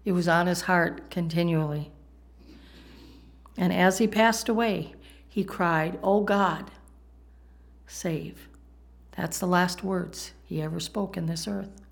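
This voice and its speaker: A woman's voice: lowish voice, fairly even intonation, a little slow, creaky. A middle-aged woman from the United States preaching a sermon, telling a story with humorous asides to the congregation.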